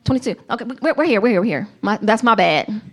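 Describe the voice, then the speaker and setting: A woman preaching a sermon to a congregation, earnest and emphatic, with slow, deliberate phrasing. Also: a little high, lively intonation.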